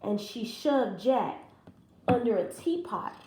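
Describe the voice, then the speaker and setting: A woman teacher reads a children's story aloud slowly and expressively. Her voice sits fairly high and swings widely. The room around her is roomy and echoing. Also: background noise. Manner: expressive and animated. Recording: roomy echo.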